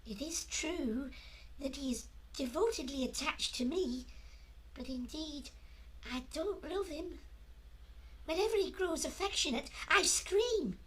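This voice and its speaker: A man voicing a prim, dutiful young village maid in a comic operetta, in a melodramatic falsetto, recorded in his room at home. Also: animated, a little slow, fairly bright tone, heavily acted. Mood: earnest. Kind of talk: comic operetta dialogue, one-man performance.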